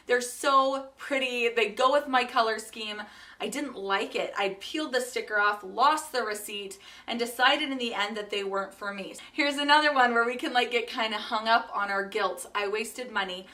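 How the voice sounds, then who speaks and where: A woman in her thirties chatting casually in a home vlog, upbeat and quick to laugh, sorting through her things. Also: fairly high pitch, sharp tone, recorded from a distance. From Utah. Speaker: home organizing vlogger.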